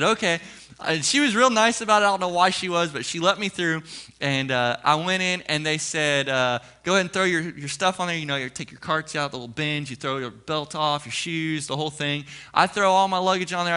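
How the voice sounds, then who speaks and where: A man preaching as a pastor, telling a personal story with animated, acted-out dialogue before turning to scripture. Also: fairly high pitch, brisk, clean tone.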